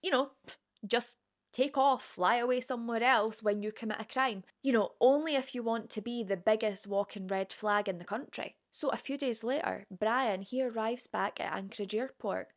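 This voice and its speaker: A woman's voice: fairly high pitch, moderate pace. A woman telling a true crime story in a casual, chatty way, with conversational asides to the viewer.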